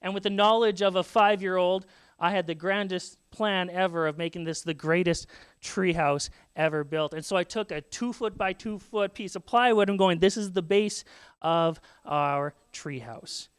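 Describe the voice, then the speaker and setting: A man's voice: sits high, fairly even intonation, moderate pace, smooth, no room sound. A man in his thirties from Saskatchewan, a pastor telling family stories in a sermon and acting out children's voices. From Saskatchewan, Canada. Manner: storytelling, acts out children's voices. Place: church sanctuary.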